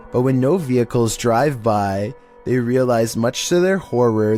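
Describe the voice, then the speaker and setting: Male host, scripted countdown narration, flat monotone read, mellow tone, faint music behind. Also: mid-range voice. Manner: monotone, even delivery.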